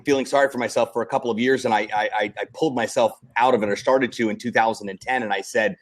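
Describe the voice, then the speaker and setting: A man hosting a casual talk show, relaxed and chatty as he tells his own story. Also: mid-range voice, fast. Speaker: host. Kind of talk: casual chat.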